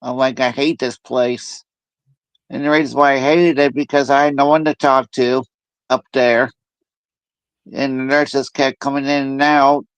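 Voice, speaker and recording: A man chatting casually as host, telling stories in a lively way and mimicking other people's voices. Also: medium pitch, a little slow, smooth, no echo. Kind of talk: casual chat.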